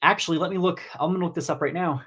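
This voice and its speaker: A man from New Jersey hosting a casual live-stream Q&A on cosmetology, chatty and rambling, with sudden excited jumps in pitch. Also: very fast, breathy edge. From New Jersey, USA. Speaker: cosmetology educator and host. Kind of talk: casual live-stream Q&A reading viewer comments.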